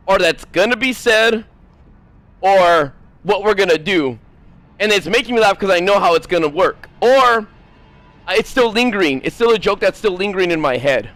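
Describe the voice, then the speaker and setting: A man with a high-pitched voice streams a game and rants at his chat. He rambles, swears freely and slips into quick mimicry of others. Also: fairly bright tone. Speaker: gaming streamer. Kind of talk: casual stream rant.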